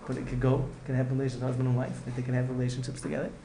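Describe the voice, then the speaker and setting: Speaking very fast in a completely flat, medium-pitched voice, this rabbi gives an earnest Torah talk full of repetition, restarted phrases, and Hebrew and Yiddish words. Background noise and faint ambience fill the echoey room.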